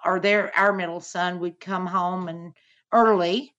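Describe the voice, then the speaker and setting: A middle-aged woman speaks as a podcast guest, recounting a painful family story. Her voice is bright and clear. She talks haltingly and earnestly, with frequent filler words. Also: on the low side, fairly even intonation, highs cut off. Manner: halting, many "you know" fillers, earnest. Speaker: interview guest, mother. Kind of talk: personal account in podcast interview.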